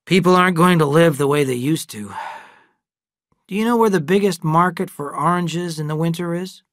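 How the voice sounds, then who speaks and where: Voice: mid-range voice, moderate pace, dry recording, clean studio sound, pitched above the performer's own voice, natural voice. A storyteller voicing an earnest grown man who eagerly shares a business idea, in a storybook reading for language learners.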